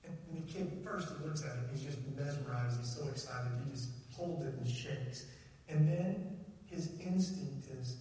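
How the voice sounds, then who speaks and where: An earnest man preaching and telling stories, his voice sitting a little high for a man. He sounds far from the mic, in a big echoing hall with a long reverb tail. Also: moderate pace, warm tone, a little hiss or hum. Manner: earnest, storytelling. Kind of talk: sermon with storytelling.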